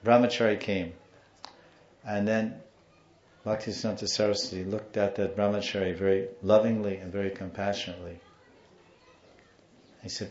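A man with a low voice tells devotional stories in a lecture, acting out the people in them. The recording is muffled and sounds roomy. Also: moderate pace, pauses often. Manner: animated storyteller, acts out the people in his story. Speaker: spiritual teacher.

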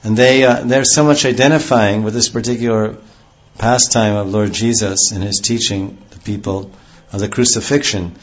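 A man's voice: lowish voice, steady tone, normal speed. A man giving a rambling devotional lecture with many restarts, heard on a dull lo-fi recording. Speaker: spiritual teacher.

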